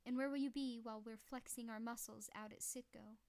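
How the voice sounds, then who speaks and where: A woman's voice: a little high, fairly even intonation, a little fast, a little mellow, close to an everyday voice. A woman voicing a cunning older male gunman who talks in a sly, mocking country drawl.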